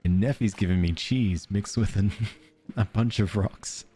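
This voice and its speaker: A man's voice: fairly low pitch, measured pace, mellow, a little hiss or hum. A man streaming a cozy game, chatting casually and giggling while reading game letters aloud. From Australia. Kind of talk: casual let's-play chat.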